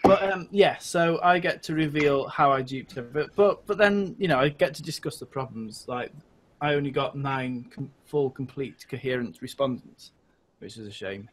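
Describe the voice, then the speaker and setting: A man's voice: mid-range voice, moderate pace, a little hiss or hum. A man with a Welsh accent chatting casually on a podcast, hesitant with many ums and restarts. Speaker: podcast co-host. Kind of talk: casual chat.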